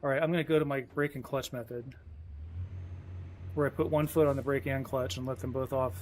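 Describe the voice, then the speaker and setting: A man's voice: mid-range voice, fairly even intonation, a little fast, slight background noise. A man streaming a truck game, chatting casually and rambling, often chiding himself as he plays. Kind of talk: casual live-stream commentary.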